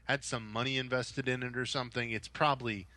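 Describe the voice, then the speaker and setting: Podcast co-host, young adult man, bright dry voice, rambling chatty delivery. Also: medium pitch, fast talker, dry recording. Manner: rambling, animated storytelling with mock-quoted voices. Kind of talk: casual chat.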